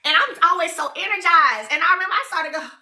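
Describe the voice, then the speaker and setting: A woman's voice: very high voice, animated, quick pace, pushed and bright, echoey room. A woman hosting a live shopping stream, chatty and upbeat, urging viewers to buy. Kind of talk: live-stream sales pitch. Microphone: phone.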